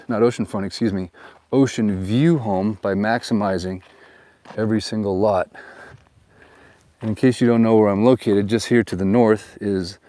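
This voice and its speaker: A man's voice: lowish voice, a little mellow, no room sound. Chatty man filming on a hillside. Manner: chatty, laughs at himself, playful. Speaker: real estate agent. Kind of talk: casual outdoor vlog. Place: outdoors at a hillside lot.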